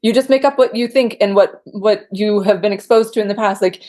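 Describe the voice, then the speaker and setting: A woman's voice: medium pitch, a little fast, a little mellow. Effusive pregnant woman hosting, laughing often. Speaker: podcast host. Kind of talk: conversational interview.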